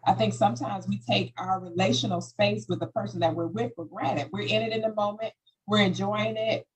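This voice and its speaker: A woman hosting a panel talk, telling stories in an animated way and acting out quoted voices. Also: mid-range voice, brisk, slightly rough, low-quality recording. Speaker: host. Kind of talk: panel discussion.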